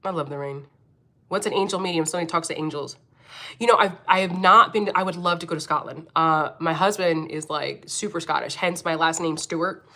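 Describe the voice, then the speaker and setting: A woman's voice: low voice, a little fast, sharp tone. A woman from Philadelphia with a Philadelphia accent, chatting on a livestream as host, blunt and profane, laughing often as she reads comments. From Philadelphia, United States. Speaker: livestream host, angel medium. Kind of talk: casual livestream chat reading comments.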